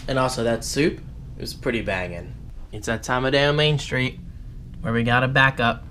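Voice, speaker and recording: A man's voice: mid-range voice, moderate pace, bright, forceful tone, slight background noise. A man chatting casually to his viewers in a daily vlog, joking and talking to the camera as he goes about his day. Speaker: vlogger.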